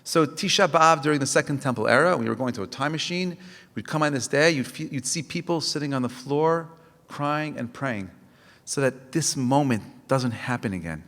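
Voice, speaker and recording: A man's voice: mid-range voice, moderate pace, fairly bright tone, big-room sound. A man, a rabbi, giving an impassioned Tisha B'Av lecture, asking rhetorical questions and telling stories with frequent restarts.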